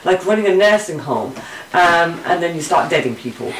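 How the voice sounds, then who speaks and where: Woman, podcast co-host, lively swinging pitch, sweary outbursts, echoey room, a bit off-mic. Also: normal speed, far from the mic, a little hiss or hum. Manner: sweary, animated, loud bursts of outrage. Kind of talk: casual true crime podcast chat.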